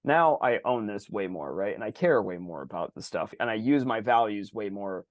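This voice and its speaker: A man co-hosting a podcast in casual chat, animated, swearing freely and acting out other people's voices. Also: fairly low pitch, normal speed, no echo, clean studio sound. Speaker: podcast co-host.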